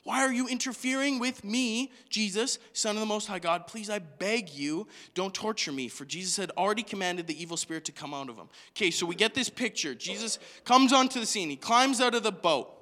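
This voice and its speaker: Male preacher, high bright voice, animated sermon delivery, reverberant hall. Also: fairly quick, hardly any pauses. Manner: animated, questioning the congregation, acting out voices. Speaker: pastor. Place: church hall.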